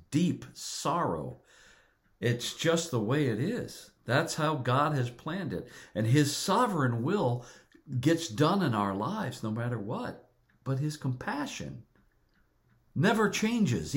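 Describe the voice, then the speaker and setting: Preaching at a medium pitch, this middle-aged pastor speaks with earnest deliberation. He leans on repetition for emphasis.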